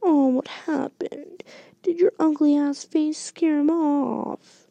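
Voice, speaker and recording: A woman's voice: sits high, normal speed, dark tone, no room sound, lo-fi sound. A woman voicing a mocking teenage girl bully in a taunting, sneering way, as a whispered story reading.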